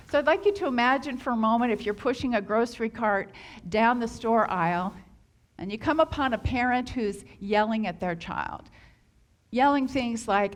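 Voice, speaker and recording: A woman minister delivers an earnest sermon in a fairly high voice. She speaks steadily to her congregation and now and then slips into acted-out voices of self-criticism. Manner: earnest, acts out quoted inner voices.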